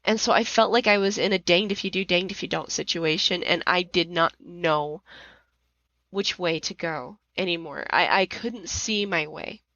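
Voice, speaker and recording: Reliving her anger in raised outbursts that approach shouting, a middle-aged woman recounts a personal story on her podcast. Her voice is lowish and her speed normal. The recording is muffled but free of echo.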